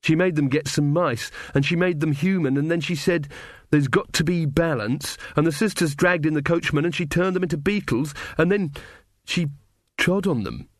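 A man's voice: mid-range voice, a little slow, no echo, clean studio sound, close to an everyday voice. A man voicing a frightened, earnest young woman in a storybook reading, speaking in a raised, anxious voice.

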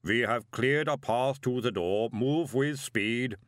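A man voicing a huge, cheerful male clay golem who booms slowly and deliberately. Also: no echo, clean studio sound, close to an everyday voice. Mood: cheerful booming. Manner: booming, slow and deliberate.

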